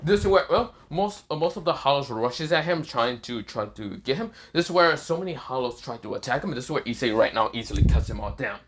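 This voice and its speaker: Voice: mid-range voice, animated, fairly quick, hardly any pauses, slight background noise. A casual, rambling narrator who retells a fan-fiction story off the cuff. The delivery leans on fillers and restarts and often stops to correct itself.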